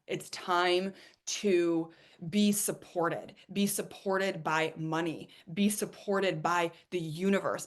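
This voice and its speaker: A woman from Ohio hosting a live webinar, talking in an enthusiastic, chatty way and often repeating herself. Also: lowish voice. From Ohio, USA. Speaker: webinar host and coach.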